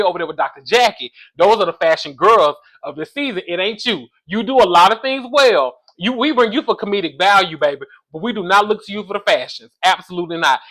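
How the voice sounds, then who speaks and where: A man casually reviewing a reality show episode, sassy and animated, calling his listeners baby and y'all, with features. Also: high-pitched. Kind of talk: casual chat.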